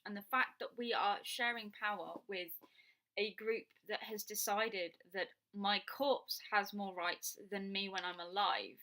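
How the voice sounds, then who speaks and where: A woman's voice: mid-range voice, bright, forceful tone. A young Englishwoman giving her blunt, opinionated views to camera and swearing freely. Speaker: vlogger.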